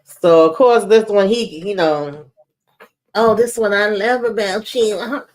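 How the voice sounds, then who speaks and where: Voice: mid-range voice, a little slow, noisy background. Chatty livestream host recapping an episode. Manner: chatty, acts out quotes with laughs. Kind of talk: casual chat about a TV episode.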